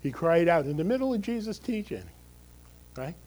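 A man's voice: fairly high pitch, sing-song, moderate pace, darkish tone, poor audio. A male pastor giving a conversational, emphatic sermon, often checking in with the congregation through tag questions.

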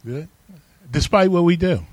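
Male pastor, sermon delivery, emphatic, slightly higher voice, dry close sound. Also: lively intonation, a little slow, darkish tone, dry recording. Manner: emphatic, calls on the congregation to respond.

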